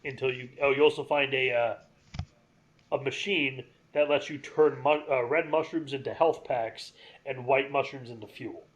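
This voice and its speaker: A man's voice: mid-range voice, steady tone, normal speed. Chatty man rambling through game trivia. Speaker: podcast co-host. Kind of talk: casual gaming podcast chat.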